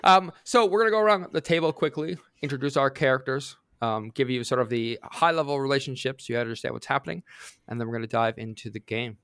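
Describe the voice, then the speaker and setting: A man from Canada hosting a tabletop game podcast, wry and brisk as he keeps things organized. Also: medium pitch, animated, a bit bright, clear, resonant tone, no room sound, clean studio sound. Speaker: game host. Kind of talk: casual podcast banter.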